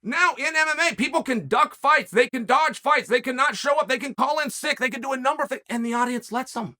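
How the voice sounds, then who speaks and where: Brisk and bright, the extremely high voice of this man carries a forceful tone. He hosts his own commentary show, where his animated solo rant is emphatic and loaded with rhetorical challenges to viewers.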